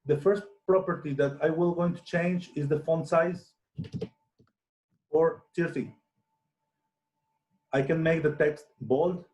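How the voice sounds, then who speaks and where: Slow, hesitant man teaching. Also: a little high, steady tone, darkish tone. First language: Spanish. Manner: slow, hesitant, many restarts and fillers. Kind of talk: software tutorial screencast.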